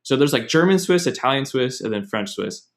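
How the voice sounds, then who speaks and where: A man's voice: mid-range voice, expressive, a little fast. A young man hosting a podcast, telling stories in a loose, rambling, casual way. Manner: rambling, digressive storytelling. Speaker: podcast host. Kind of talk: casual chat.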